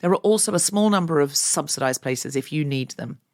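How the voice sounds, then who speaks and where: A woman's voice: low voice, animated, brisk, darkish tone. A woman hosting a podcast, reading upbeat scripted announcements in a chatty, friendly way. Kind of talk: scripted promo read.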